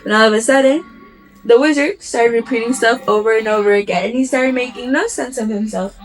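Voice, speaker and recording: Bright high-voiced woman telling a story. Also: brisk, faint music behind, poor audio. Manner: lively, acting out the lines of characters. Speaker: vlogger. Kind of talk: animated storytelling.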